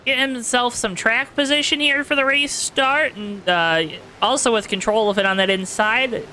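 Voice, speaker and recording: A man's voice: extremely high pitch, moderate pace, bright, forceful tone, slight background noise, low-quality recording. A man calling an online sim race play-by-play in a put-on announcer voice, talking straight to the folks watching. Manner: exaggerated announcer voice, talks straight to the audience. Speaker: race commentator. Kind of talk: play-by-play sim racing commentary.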